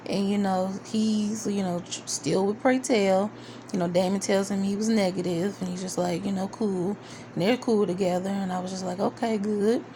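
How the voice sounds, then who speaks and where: Woman reviewer, chatty episode recap, plays out characters' lines, mid pitch, light noise behind. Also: normal speed. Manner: chatty, quotes characters in animated asides. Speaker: video reviewer. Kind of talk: casual TV recap.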